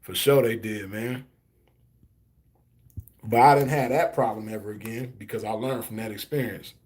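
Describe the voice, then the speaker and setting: This man speaks at normal speed in a lowish, darkish voice. Hosting a stream, he reads comments from chat and responds while telling a story in a loose, offhand monologue with plenty of "you know what I mean" fillers.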